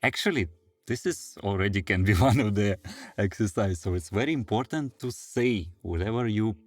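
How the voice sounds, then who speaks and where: A man with a Russian accent teaching handpan in a relaxed way, pausing often with fillers and chanting drum syllables. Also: lowish voice, no room sound. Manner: non-native English, hesitant fillers, vocalizes rhythms. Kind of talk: casual music lesson.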